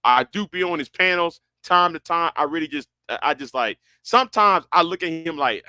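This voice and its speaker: A man's voice: a little high, lively intonation, normal speed, hardly any pauses, sharp tone, clean tone, no echo, studio quality. A man chatting casually and rambling, often stumbling and restarting his words, with a broad sound. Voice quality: stammering, many restarts. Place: Houston, Texas.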